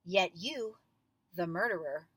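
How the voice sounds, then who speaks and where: A woman reading the lines of a young lovesick man who pleads with the woman he loves, measured and rueful. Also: on the low side, a bit bright, husky, exaggerated voice. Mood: wounded.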